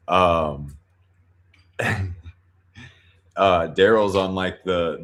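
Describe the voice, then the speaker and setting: Deep-voiced laid-back man on a podcast. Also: a bit bright. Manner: laid-back, acts out quoted lines. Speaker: podcast co-host. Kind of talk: casual chat about a movie.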